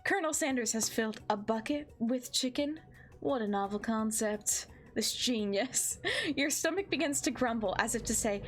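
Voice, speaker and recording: A giggly, excitable young woman streaming a dating game. She reads the narration and jokes in a fairly high voice, with faint music behind her. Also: normal speed. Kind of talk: game playthrough with narration and commentary.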